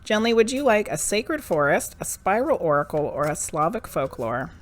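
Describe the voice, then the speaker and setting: A woman reading tarot cards live for her viewers, talking in a frank, profane way. Her delivery is slow and unhurried, but her pitch swings widely. She rants, then laughs at herself. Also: a little hiss or hum. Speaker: medium and tarot reader.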